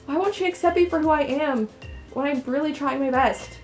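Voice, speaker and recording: A tearful, insecure young heroine from a story game pleads in a raised, strained voice, read aloud by a woman. Her lines come pitched above a plain speaking voice. Faint music plays underneath. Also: brisk, lightly acted. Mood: pleading.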